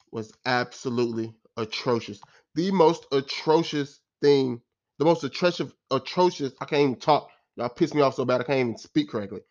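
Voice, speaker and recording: A man rants about a game in a casual, exasperated way, circling back on his points and throwing in slang. His voice sits at an everyday middle pitch. The recording sounds dull and lo-fi. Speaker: sports fan commentator. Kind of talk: casual post-game rant.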